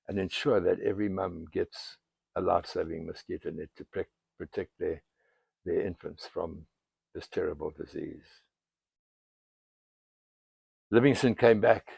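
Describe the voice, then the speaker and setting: An older man from South Africa, an explorer telling history as a dramatic storyteller, with a gravelly, husky voice and bursts of emphasis. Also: lowish voice, darkish tone, dry recording. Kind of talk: storytelling monologue outdoors.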